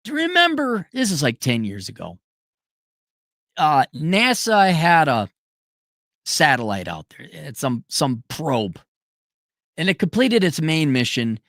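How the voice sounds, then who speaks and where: Profane ranting man, lively pitch. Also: unhurried, long pauses, no room sound, clean studio sound. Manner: profane, sarcastic, mocking voices. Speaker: commentator. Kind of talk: ranting monologue.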